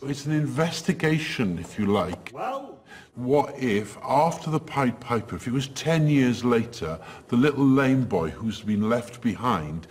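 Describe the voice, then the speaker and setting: A man, a theatre director, explaining thoughtfully in a documentary interview. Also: mid-range voice.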